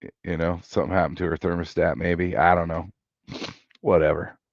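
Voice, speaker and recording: Low-voiced, profane middle-aged storyteller. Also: male voice, brisk, creaky, no echo, muffled recording. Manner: rambling, profane, animated storyteller. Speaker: podcast host. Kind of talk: casual chat, storytelling.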